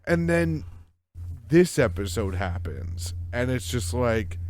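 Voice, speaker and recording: A young man co-hosting a casual chat, excitable and swearing, acting out characters' lines as he recaps. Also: medium pitch, slow. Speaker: podcast co-host.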